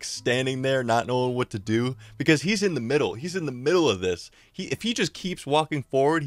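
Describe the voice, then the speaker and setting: A young man, mid-pitched and recorded close and dry, tells a personal story with slangy, profane excitement. His voice keeps jumping up when things get wild. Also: no room sound. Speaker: storyteller YouTuber. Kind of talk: casual storytime narration.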